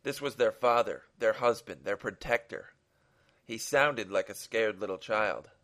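A man's voice: on the low side, a little slow, a bit bright. A man who hosts a podcast reads his own short story aloud, in an earnest, dramatic manner with a few small restarts.

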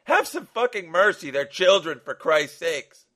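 A man's voice: medium pitch, level tone, takes it slowly, creaky. Man doing a desperate, frantic father. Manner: pleading, rising to frantic shouts. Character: desperate terrified father pleading for his family.

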